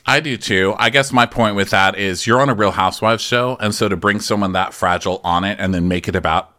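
A man's voice: brisk, sharp tone. A man co-hosting a casual comedy podcast, recapping a reality show and acting out the cast's lines in mocking voices. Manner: jokey, acts out quotes in high mocking voices. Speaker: podcast co-host.

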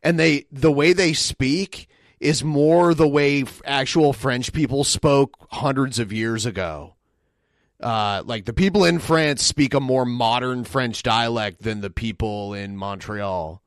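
A man's voice: mid-range voice, unhurried, no echo. A man co-hosts a podcast and reacts to clips in loose, off-the-cuff chat. His voice sits in a middle register. The sound is dry and close. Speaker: podcast co-host. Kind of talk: casual chat.

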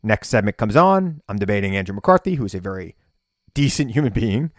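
A man talks through a casual solo podcast episode, animated and sometimes raising his voice to act out the story. His voice sits low, and the sound is dry and close with no room echo. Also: brisk. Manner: animated storytelling, bursts of yelling when reenacting. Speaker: podcast host and political commentator. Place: home basement studio.

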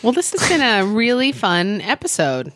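A woman co-hosting a podcast in casual chat, with dry, deadpan humor. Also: a little high, moderate pace, no room sound. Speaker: podcast co-host.

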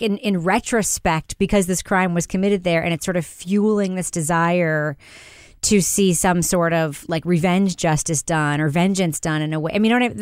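A woman hosting a podcast discussion, talking in a chatty, quick way and laughing often. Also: mid-range voice, smooth, dry recording, clean studio sound. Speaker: podcast host.

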